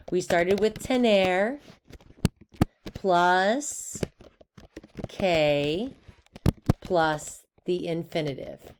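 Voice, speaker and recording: A Spanish teacher with a lowish voice gives a recorded lesson at an unhurried pace, against a noisy background. She's upbeat and playful, asking her students questions and then answering them herself.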